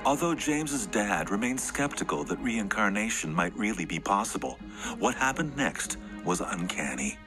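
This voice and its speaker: A man's voice: on the low side, expressive, moderate pace, over music. A man narrating a documentary in a scripted, dramatic storytelling way.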